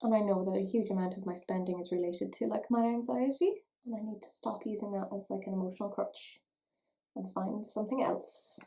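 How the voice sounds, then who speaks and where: A woman's voice: mid-range voice, fairly quick, mellow, rough recording. Woman, beauty vlogger, playful self-mocking chatter, casual makeup tutorial at home. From Ireland.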